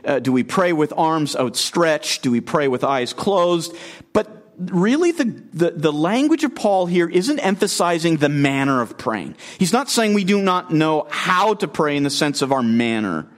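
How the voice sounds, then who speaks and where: A man's voice: fairly high pitch, animated, measured pace. A man preaching an expository sermon as a guest speaker, earnest and emphatic, often repeating phrases and asking the listeners questions.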